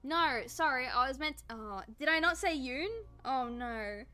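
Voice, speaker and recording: Woman streamer in her twenties or thirties, bright and fairly high, casual and giggly, with soft music under her. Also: a little slow, clean tone. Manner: animated storyteller, laughs often, self-mocking. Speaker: art streamer. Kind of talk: casual chat with stream viewers.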